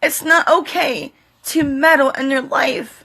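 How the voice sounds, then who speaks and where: A middle-aged woman vlogging straight to camera, tearful, pleading and defiant, speaking in short halting fragments. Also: high voice, sharp tone. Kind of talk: emotional direct-to-camera monologue.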